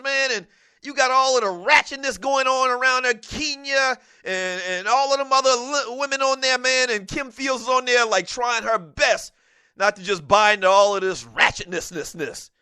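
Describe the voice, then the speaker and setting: A man hosting a call-in sports talk show, talking in an animated, casual way, laughing often and dropping "man" into his sentences. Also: very high-pitched, moderate pace, clear, resonant tone, no room sound, studio quality.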